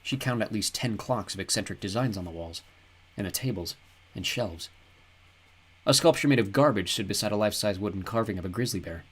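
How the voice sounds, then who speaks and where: A man reading a novel aloud as an audiobook narrator, in an even, descriptive storytelling manner. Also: on the low side, a little fast, breathy edge. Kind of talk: scripted narration.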